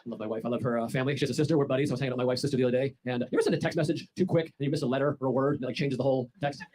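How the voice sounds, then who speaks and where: A man doing a stand-up set on stage, dry and quick, acting out little voices for the jokes. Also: mid-range voice. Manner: dry, quick-fire joke delivery with acted-out voices. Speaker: stand-up comedian. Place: comedy stage before a live audience. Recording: loud audience laughter from a comedy show.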